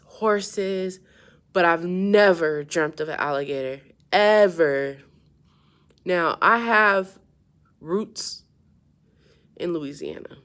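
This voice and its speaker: A woman with a notably low, deep speaking voice recounts a dream in a loose, casual monologue. Her delivery is unfiltered and full of swearing, and it swings between low-key musing and excited retelling. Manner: animated and profane, grows louder and more excited as the story builds; low-key and subdued at the start. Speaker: vlogger.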